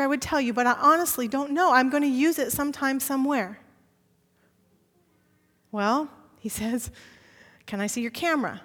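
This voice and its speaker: High-voiced woman pastor in a reverberant hall. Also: moderate pace, long pauses. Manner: animated storytelling, acting out dialogue. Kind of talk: sermon storytelling. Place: church sanctuary. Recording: long church hall reverb.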